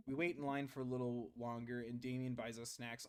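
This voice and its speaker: A man's voice: mid-range voice, little pitch movement, fairly quick, few pauses, smooth. Playful man streaming a game. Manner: playful, jokey, laughs often. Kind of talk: casual game-reading livestream.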